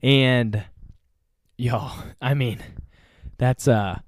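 A man hosting a casual football recap, joking and animated, with big swings in his voice. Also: medium pitch, drawn-out words, no room sound, clean studio sound. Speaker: sports show host.

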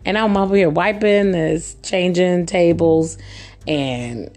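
A young woman hosting her own podcast, chatting casually and laughing often, her voice a little hoarse from allergies. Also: on the low side, slow, darkish tone. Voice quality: slightly rough voice. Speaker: podcast host. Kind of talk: casual storytelling monologue.

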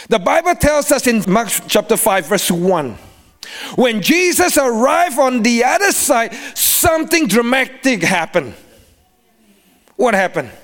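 Guy preaching in a church, high voice, sing-songy, chuckles a lot. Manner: animated preaching, sing-song cadences, laughs often. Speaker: guest preacher. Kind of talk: sermon.

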